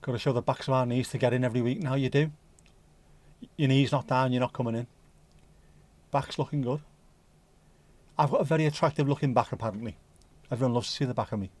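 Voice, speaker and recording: A man's voice: mid-range voice, fairly even intonation, quick pace, pauses often, darkish tone. Cheeky man with a mild Scouse accent. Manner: cheeky, joking, rambling. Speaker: livestream host. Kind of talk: casual livestream chat.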